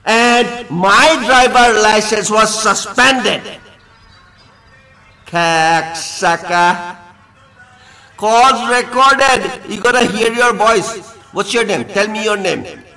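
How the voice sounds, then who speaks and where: Male caller, very high bright voice, slow repetitive threatening rant. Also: faint music behind, low-quality recording. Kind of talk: recorded phone rant.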